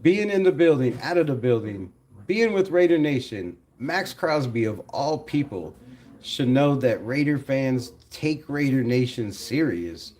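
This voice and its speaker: A man hosting a casual live stream, animated, laughing often and talking to his chat. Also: medium pitch, measured pace.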